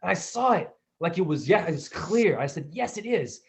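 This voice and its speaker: A man's voice: a little high, lively intonation, normal speed. A man telling funny childhood stories on a podcast, acting out the voices of the people in them. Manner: theatrical, acts out voices in his stories. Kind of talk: animated comic storytelling.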